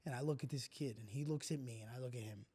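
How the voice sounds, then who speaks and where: A young man telling profane stories in a casual, animated podcast chat, often acting out what others said. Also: mid-range voice, quick pace, breathy edge. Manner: profane, animated storytelling with acted-out quotes. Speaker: podcast co-host.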